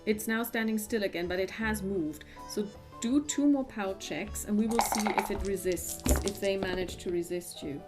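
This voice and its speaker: A woman who narrates scenes as the game master, with frequent pauses and fillers. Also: medium pitch, loud music behind the voice. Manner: descriptive, with frequent fillers and restarts.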